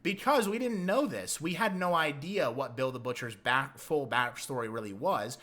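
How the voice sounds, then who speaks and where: A man giving a casual film review, retelling scenes in an excitable, profane and animated way. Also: medium pitch, normal speed.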